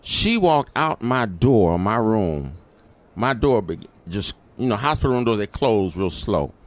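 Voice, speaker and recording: Middle-aged man, interview guest, animated storyteller, lowish voice. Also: a little slow, no room sound.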